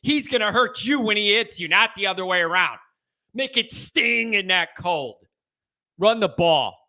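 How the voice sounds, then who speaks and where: A man's voice: high-pitched, animated, moderate pace, bright, forceful tone. A man with a Midwest American accent hosting a sports call-in show, chatting casually and getting fired up, repeating himself. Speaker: host of a fan call-in show. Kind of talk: casual chat.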